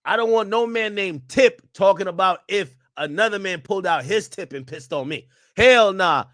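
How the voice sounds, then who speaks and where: A man's voice: high-pitched, moderate pace, a bit bright, dry recording, clean studio sound. A young man streaming casual reaction commentary in a slangy, joking way.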